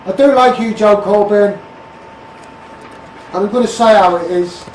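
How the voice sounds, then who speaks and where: A man's voice: high-pitched, a little slow, darkish tone, a little hiss or hum. A man with a Scouse accent delivering a blunt, repetitive political rant, calling people out by name and asking what they will do about it. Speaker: street campaigner. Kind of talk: ranting political monologue. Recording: roomy sound from a distance.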